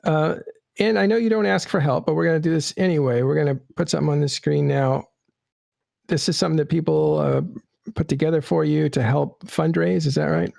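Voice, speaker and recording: A man with a raised, heavily gravelly voice hosts a casual chat. He talks in a halting way, full of fillers, and the sound is very dry and close. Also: a little high, fairly even intonation, darkish tone, dry recording. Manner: halting, many fillers, friendly wrap-up. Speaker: podcast host.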